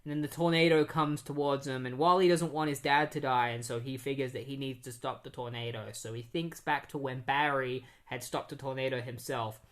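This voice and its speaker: A man's voice: medium pitch, steady tone, fairly quick, hardly any pauses. A man casually recapping comic issues on a podcast, rambling with many fillers and restarts. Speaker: podcast host.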